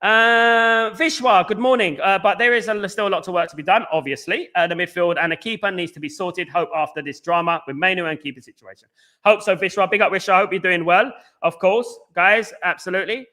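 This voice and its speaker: Fast-talking fan stream host. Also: male voice, sits high, sharp tone. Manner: very fast-talking, reads out viewer comments. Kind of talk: casual live stream chat.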